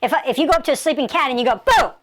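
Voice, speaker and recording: Woman, martial arts teacher, high voice, emphatic, rhetorical questions. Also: rapid-fire, fairly bright tone. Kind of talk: motivational lecture.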